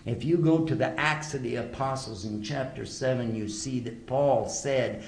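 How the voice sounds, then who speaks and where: A man's voice: mid-range voice, moderate pace, slight background noise. A man giving a religious lecture to a live audience, emphatic and full of rhetorical questions. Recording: echoey lecture hall.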